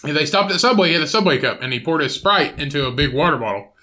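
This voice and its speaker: A man's voice: a little high, animated, fast talker, pushed and bright. A man co-hosting a podcast in casual chat, blunt and crude in his banter. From Indiana. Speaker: podcast co-host.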